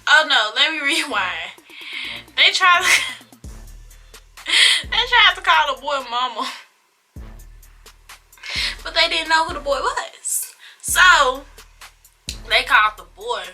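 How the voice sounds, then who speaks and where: Slow, very bright young woman vlogger. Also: high voice, soft background music. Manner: drawn-out, expressive storytelling to viewers. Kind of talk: casual storytime.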